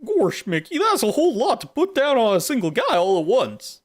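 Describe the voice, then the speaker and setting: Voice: medium pitch, huge pitch swings, moderate pace, voice pushed up. A streamer voicing a dopey, good-natured cartoon dog with a drawling, slightly whiny delivery. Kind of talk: comedic impression on stream.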